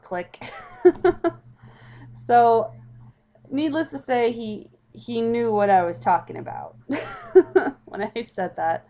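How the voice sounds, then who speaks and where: A woman's voice: a little high, lively intonation, slow pace, long pauses, dark tone. A young woman telling a personal story in a casual, rambling way, with many fillers and restarts.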